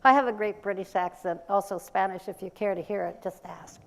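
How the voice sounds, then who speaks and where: An older woman giving a lively, emphatic conference talk and quizzing the audience as she goes. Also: mid-range voice, brisk, gravelly. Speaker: workforce speaker.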